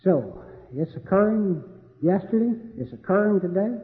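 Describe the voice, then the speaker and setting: High-pitched guy, folksy joking debate talk, tinny recording in a big echoey hall. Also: lively intonation, normal speed. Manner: folksy, joking, repeats himself. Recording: tinny lo-fi audio in a reverberant hall.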